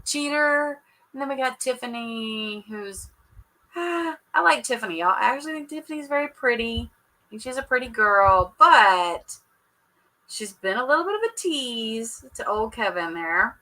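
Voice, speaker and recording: Woman, sassy livestream chatter, bright sharp tone, lots of laughing. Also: fairly high pitch, expressive, measured pace, rough recording. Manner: sassy, joking, laughs often, talks to chat. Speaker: livestream host recapping a reality show. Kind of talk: casual live chat with viewers.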